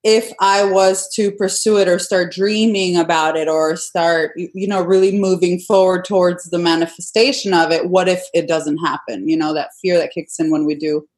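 A woman's voice: fairly low pitch, fairly even intonation, moderate pace, hardly any pauses, darkish tone. A young adult woman, a guest, earnestly telling her own love story in a casual conversation.

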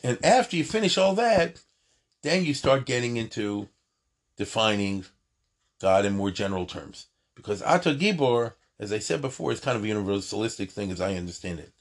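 A man's voice: lowish voice, animated, a little fast. A man teaching an informal lecture on prayer, talking in an emphatic, digressive way with many asides and restarts. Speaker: Torah teacher.

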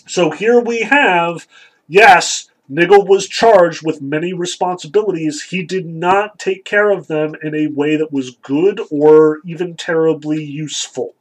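A man lecturing on a literary text, pausing with ums and likes as he works through his points. His voice sits a little high and has a husky edge. He talks in a thoughtful, explanatory way. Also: low-quality recording. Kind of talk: lecture reading and analyzing a text.

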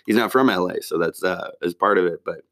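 A man with a deep, low voice talks casually and at length, rambling from one point to the next. He swears constantly and drops slang as he goes. He sounds like a comedian recapping his week for his regular audience. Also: a little fast, a bit bright. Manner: rambling, heavy swearing, laid-back slang. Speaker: stand-up comedian.

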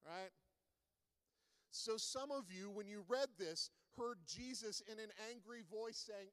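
A man's voice: high voice, unhurried, fairly bright tone. A man preaching a sermon in a conversational way, asking the listeners many rhetorical questions. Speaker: pastor. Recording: long reverb of a large hall.

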